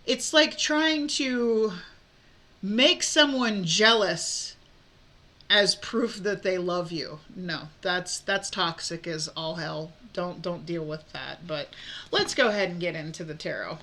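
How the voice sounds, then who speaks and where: A woman's voice: lowish voice, takes it slowly, sharp tone. A woman giving a casual tarot reading, talking frankly with many fillers and restarts. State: hiccups. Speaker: tarot reader.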